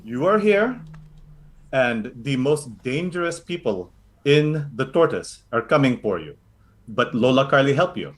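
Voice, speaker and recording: A man's voice: medium pitch, sing-song, a little slow. A man voicing a motherly old Filipino grandmother sorceress in a tabletop game, speaking broken English with a Filipino accent and calling everyone honey. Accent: Filipino English, put on. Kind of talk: tabletop role-play voice acting.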